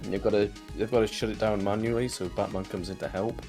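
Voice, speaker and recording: A podcast co-host speaks fast over music in a low, steady-toned voice. Recapping a cartoon episode, he rambles casually with lots of fillers and the odd swear word, laughing as he goes through the scenes.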